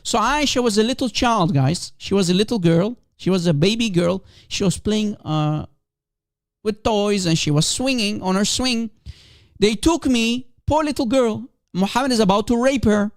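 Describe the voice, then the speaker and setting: A man's voice: high voice, moderate pace, no room sound. Mocking man, Arabic native speaker, dry close mic. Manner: mocking, scornful, laughing at his opponent; emphatic, repeats points to drive them home. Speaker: religious debater streaming commentary. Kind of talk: livestream commentary.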